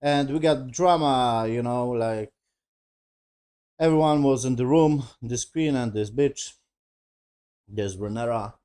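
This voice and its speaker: A man casually recapping and reviewing a TV episode, talking loosely and swearing, with non-native English grammar and quick mimicry of the characters. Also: mid-range voice, mellow, clear, resonant tone. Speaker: TV show reviewer.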